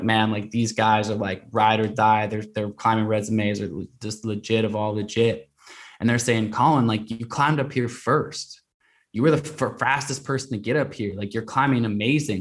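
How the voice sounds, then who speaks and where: Low, flat-voiced man telling a story. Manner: earnest, rambling with restarts and "man", "like". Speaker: podcast guest, explorer. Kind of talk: storytelling in a podcast interview.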